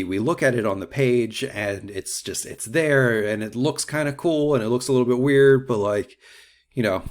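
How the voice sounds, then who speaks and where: A man with a somewhat low voice talks through a short lecture as a teacher. His delivery is loose and conversational, full of fillers and self-corrections. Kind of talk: unscripted mini lecture.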